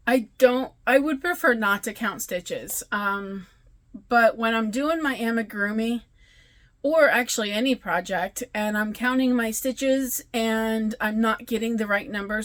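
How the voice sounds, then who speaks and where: A woman with a slightly high, somewhat bright voice vlogs about crochet in a loose, wandering chat. She sounds tired, yawns, and keeps correcting herself as she talks.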